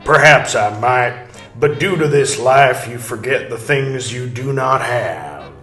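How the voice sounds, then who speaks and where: A man voicing a haggard male shepherd who left his German homeland, in a deliberately poor German accent, measured and unbothered. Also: mid-range voice, expressive, pushed and bright, pitched above the performer's own voice. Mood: calm. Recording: roomy echo, faint music.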